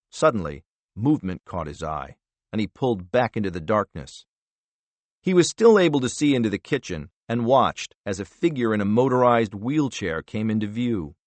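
Male audiobook narrator, lowish voice, lively pitch, measured thriller reading, dry studio sound. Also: no room sound. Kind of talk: scripted narration.

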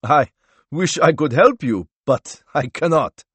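A man's voice: on the high side, expressive, takes it slowly, slightly rough, no room sound, pitched above the performer's own voice, heavily acted. A frail, agitated old man pleads and protests in a raised, strained voice, as a male narrator puts him on. The recording is dry and close. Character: frail older German man in wheelchair, protesting.

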